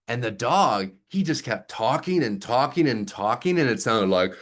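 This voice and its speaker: A man's voice: medium pitch, normal speed, few pauses. A man in his thirties, a music teacher explaining his method in casual talk and acting out sounds with his voice. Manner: animated, demonstrates sounds with voice play.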